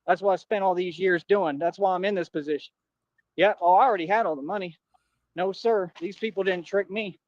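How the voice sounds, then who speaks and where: A man's voice: sits high, a little fast, lo-fi sound. A man in a replayed clip, talking defiantly in street slang and calling people bro. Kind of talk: clip played on a livestream.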